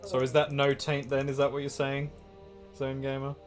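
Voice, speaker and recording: Man, game streamer, joking banter, casual live chat, mid pitch, faint music. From Australia and England.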